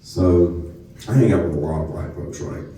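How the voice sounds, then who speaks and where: Profane North Louisiana comic, echoey club. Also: male voice, sits low, moderate pace, mellow, far from the mic. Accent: North Louisiana Southern. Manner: crude, profane storytelling with frequent asides. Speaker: stand-up comedian. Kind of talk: live stand-up set. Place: comedy club stage. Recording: echoey club room, voice from off mic.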